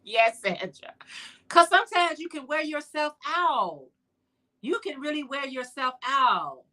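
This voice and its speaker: Chatty, bright-voiced woman livestream host. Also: high-pitched, very animated, measured pace. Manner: chatty, playful, talks straight to viewers; sassy, teasing asides. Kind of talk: casual live chat.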